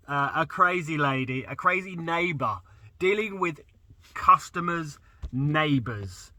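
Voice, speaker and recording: Bright-voiced man telling a rambling story. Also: fairly high pitch, expressive, measured pace, no echo. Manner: rambling with many fillers. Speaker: gardener vlogger. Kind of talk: casual storytelling.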